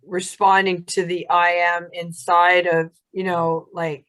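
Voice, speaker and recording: A woman's voice: fairly low pitch, flat delivery, slow, fairly bright tone, rough recording. A woman co-hosting a casual self-help chat over a video call, soothing and affirming in tone. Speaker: co-host.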